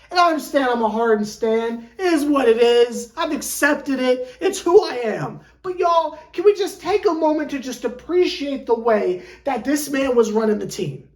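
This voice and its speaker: A woman's voice: sits high, expressive, moderate pace, a little mellow, echoey room. A woman sports fan vlogger ranting in an exasperated, theatrical way, with lots of rhetorical questions. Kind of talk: fan reaction rant.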